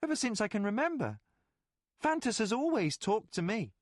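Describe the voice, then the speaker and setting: A man voicing an eager, matter-of-fact young boy who talks quickly and brightly, in a dry studio read. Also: sits high, sing-song, no room sound, pitched above the performer's own voice.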